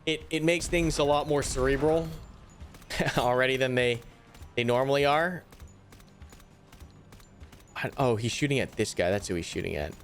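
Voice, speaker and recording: A young man giving live commentary on a tactical shooter, animated and easily exasperated, groaning and swearing at setbacks. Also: medium pitch, moderate pace, pauses often, faint music behind. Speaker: gaming YouTuber.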